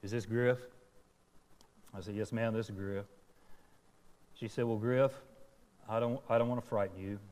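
A male preacher tells a personal story, poking fun at himself and acting out each voice in it. His voice sits a bit low, and a long reverb trails every phrase as it fills the sanctuary. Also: fairly even intonation, normal speed, long pauses, a little mellow. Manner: self-deprecating storyteller, acting out dialogue. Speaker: pastor. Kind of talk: sermon storytelling.

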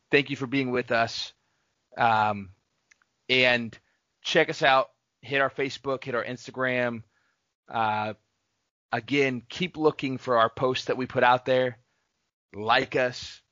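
A man's voice: medium pitch, fairly even intonation, takes it slowly, long pauses, pushed and bright, no echo. A man co-hosting a casual faith-based podcast, talking earnestly and encouragingly to his listeners. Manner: earnest, encouraging, sign-off announcements. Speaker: podcast co-host. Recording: dull lo-fi podcast mic.

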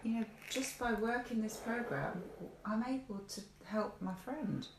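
A woman's voice: on the high side, measured pace, very noisy. A woman in a recovery group chats hesitantly, with many fillers and restarts. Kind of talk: casual chat. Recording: echoey room.

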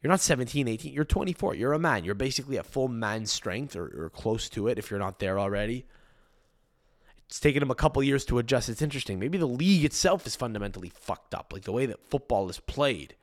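A man's voice: medium pitch, lively intonation, fast. A man hosting a solo football podcast in casual, rambling chat, swearing freely and often restarting or repeating his phrases. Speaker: podcast host.

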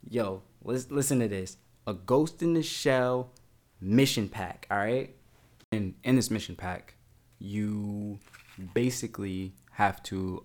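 A young man chatting casually about a video game, rambling excitedly with lots of slang, filler words and casual swearing. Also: on the low side. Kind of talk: casual gaming vlog chat.

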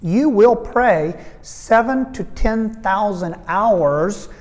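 A man's voice: sits high, very slow. A male priest giving a retreat talk, telling stories with fervent, earnest emphasis and slipping into the voices of the people he quotes. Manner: storytelling, voicing quoted people. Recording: long reverb of a large hall.

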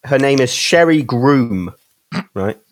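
Giggly co-host, mid pitch, very animated delivery. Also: male voice, slow pace, slight background noise. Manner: laughs often, jumps up in pitch when surprised. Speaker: podcast co-host. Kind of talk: casual banter, reading oddities.

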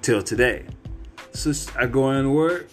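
A man's voice: medium pitch, moderate pace, faint music behind. Candid profane man telling his story. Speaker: podcast host. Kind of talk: personal storytelling monologue.

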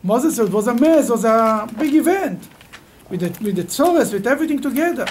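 A man teaching a Torah study class in halting, rising with emphasis as he explains. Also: very high-pitched, animated, crowd noise.

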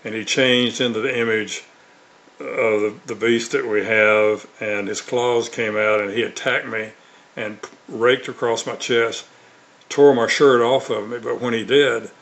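A man's voice: mid-range voice, steady tone, a little slow, fairly bright tone. An older man from Mississippi, telling stories in an interview as an author and evangelist. He speaks earnestly, with many fillers and restarts. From Mississippi, USA. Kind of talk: storytelling in an interview.

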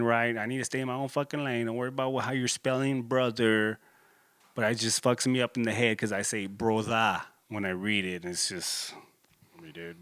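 A man's voice: mid-range voice, a bit bright, no room sound, clean studio sound. A man, rambling casually and profanely with lots of fillers in a solo monologue. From Corpus Christi, Texas. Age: 30s. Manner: laid-back, profane, rambling with many fillers. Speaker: vlogger.

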